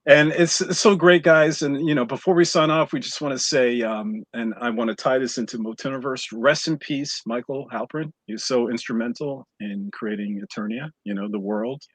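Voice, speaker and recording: Husky rambling man chatting casually. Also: medium pitch, moderate pace, hardly any pauses, dry recording. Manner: rambling, searches for words, many ums. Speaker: podcast co-host. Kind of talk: casual chat.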